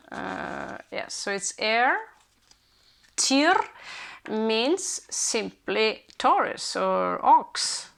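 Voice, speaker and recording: A woman's voice: medium pitch, vocal fry, a bit bright. A woman hosting a casual rune reading, thinking aloud with many hesitations. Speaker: rune reader and channel host.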